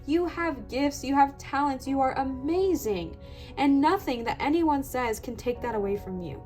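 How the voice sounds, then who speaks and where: A young woman with a slightly high voice gives a pick-a-card tarot reading, close to tears. She talks earnestly and emphatically, repeating her affirmations, with soft music faintly underneath. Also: animated, normal speed. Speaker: tarot reader.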